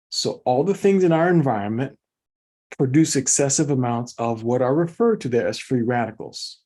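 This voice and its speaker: Slightly mellow and mid-range, the man's voice leads an informal online presentation of product commentary. He enthusiastically talks his audience through the slides, calling them folks and doubling up on words for emphasis.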